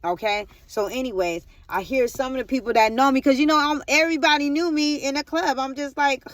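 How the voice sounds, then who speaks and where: A woman's voice: high-pitched, a little fast, a bit bright, no room sound. A woman vlogger telling a personal testimony in a rambling way, repeating herself and talking straight to her viewers.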